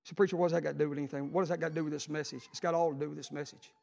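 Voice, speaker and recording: Man, 40s, high-pitched pastor preaching with call-and-response, long hall reverb. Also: steady tone, very fast, creaky. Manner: preaching with call-and-response, swinging from loud to hushed. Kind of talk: sermon.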